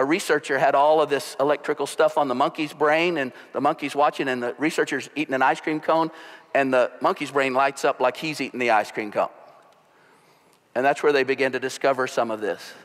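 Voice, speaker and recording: A man preaching a sermon as pastor, telling stories with animated delivery. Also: medium pitch, brisk. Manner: storytelling, animated. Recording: long hall reverb.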